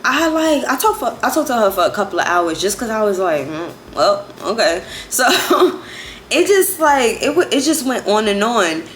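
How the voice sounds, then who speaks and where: A young woman in her twenties tells a story in a chatty, animated way. Her voice swings widely up and down, and she sounds like she is in an echoey room. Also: fairly high pitch, moderate pace, a little hiss or hum. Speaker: vlogger. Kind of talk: casual storytime.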